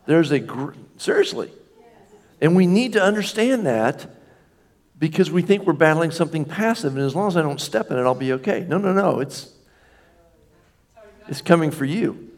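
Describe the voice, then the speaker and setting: A middle-aged man preaching a sermon as a pastor, animated and conversational, acting out little scenes with jokey asides. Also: on the high side, normal speed, pauses often.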